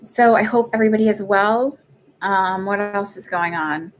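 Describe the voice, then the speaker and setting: A woman's voice: mid-range voice, moderate pace, slight background noise. Woman, middle-aged, chatty livestream host, rambling, laughs often. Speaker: psychic medium livestream host. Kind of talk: casual livestream chat.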